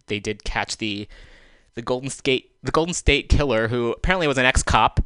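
A male radio host delivers solo commentary in a studio, venting with exasperation, sarcasm and swearing while holding a microphone taken off its stand. His medium-pitched voice moves at normal speed and is bright, forceful, clear and resonant, with no room sound.

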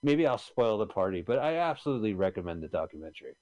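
A man's voice: lowish voice, fast talker. A man hosting a radio show, chatting casually about a film and retelling its scenes. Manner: animated, retelling scenes in quoted voices.

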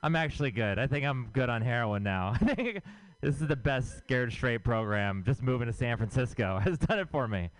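A man's voice: mid-range voice, lively intonation, moderate pace, no echo. A young man from Texas doing a crude, rambling, self-mocking stand-up set. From Houston, Texas. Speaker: stand-up comedian. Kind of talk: stand-up set at open mic.

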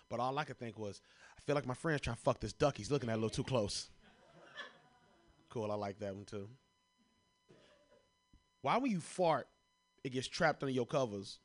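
A man's voice: medium pitch, dry recording. A man doing a short stand-up comedy set, loose and self-mocking, laughing at his own jokes. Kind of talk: stand-up set at an open mic.

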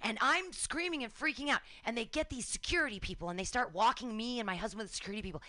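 On a radio talk show, a woman in her forties tells a lively personal story, acting out her own shouts and cheers. Her voice is fairly high and quick, with no echo.

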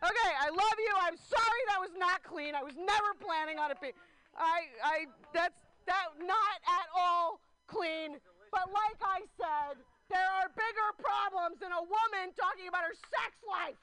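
A high, bright woman in her thirties tells a stand-up story. She rambles candidly and keeps breaking into laughter between lines. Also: normal speed. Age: 30s. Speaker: stand-up comedian. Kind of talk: stand-up comedy set.

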